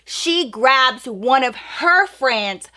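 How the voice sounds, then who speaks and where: Young woman vlogger, high bright voice, animated storytime delivery, swears freely. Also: very slow. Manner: animated, profane, acts out quoted dialogue. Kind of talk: storytime while getting ready.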